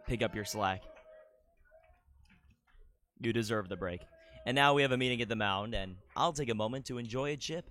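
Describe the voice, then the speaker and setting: A man's voice: mid-range voice, moderate pace, long pauses, fairly bright tone. Dry play-by-play baseball announcer, male. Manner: dry, teasing banter between calls. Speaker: play-by-play commentator. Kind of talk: live baseball commentary.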